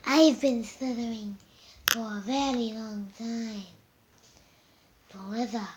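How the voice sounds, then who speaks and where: A woman's voice: on the high side, steady tone, slow, low-quality recording. A woman voicing a sly snake that drags out hissing words. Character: slow sly slithering snake.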